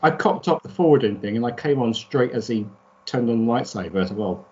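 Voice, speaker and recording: A man's voice: medium pitch, lively intonation, fast talker, darkish tone, dull audio. Rambling man on a podcast panel. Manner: rambling, self-correcting storyteller. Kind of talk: casual chat.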